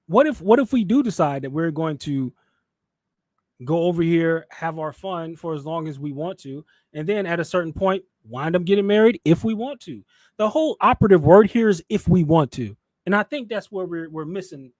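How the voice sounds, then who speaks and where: A man's voice: fairly high pitch, dry recording, clean studio sound. A man hosting a reaction commentary, mocking and firing rhetorical questions. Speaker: commentary channel host.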